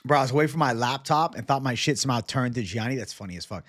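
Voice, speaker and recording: A man hosts a livestream and chats loosely with viewers in profane banter. His pitch moves in a lively way, and the sound is dry and close to the mic. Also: quick pace, dry recording. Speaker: livestream host. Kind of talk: casual live chat.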